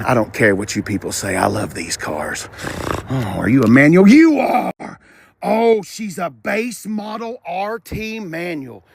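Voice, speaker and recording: A man vlogging on a car dealership lot, chatty and animated, talking to the cars and his viewers. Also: high voice, creaky, breathy edge. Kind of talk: live-streamed dealership walkaround.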